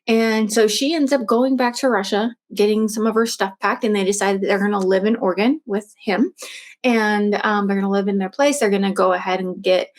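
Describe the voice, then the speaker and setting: A woman with a slightly high voice tells a true crime story in a loose, casual way. She talks in a chatty flow, full of fillers and restarts.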